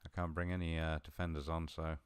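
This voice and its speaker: A man talking through a football management game he is playing, chatty and a little mumbling, with sudden bursts of excitement. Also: rumbling low, quick pace, clear, resonant tone, dry recording, studio quality. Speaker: gaming video host. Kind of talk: live game commentary.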